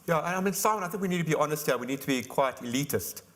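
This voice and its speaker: A middle-aged man, an insurance expert, explaining estate planning in a brisk interview. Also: fairly high pitch, animated, fairly bright tone. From South Africa. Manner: brisk, explanatory, rapid-fire examples. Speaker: insurance company expert guest. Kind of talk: virtual conference interview.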